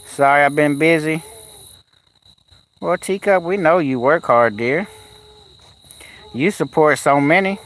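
A man's voice: fairly high pitch, a little slow, pauses often, fairly bright tone. A man chatting casually on a live stream outdoors at a kennel, cooing at his animals and answering the chat in a folksy way.

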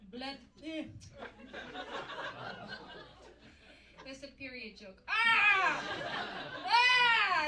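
Woman putting on a brash French-Canadian diva, high voice, sing-song, live club stage, audience noise, echoey room. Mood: boastful, campy. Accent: put-on French-Canadian. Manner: loud, campy, sing-song, bursting into shouts. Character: brash diva female singer, vain, flirty, over-the-top. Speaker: comedian doing a character impression. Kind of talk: live stand-up character act. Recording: roomy live venue from far off, audience noise.

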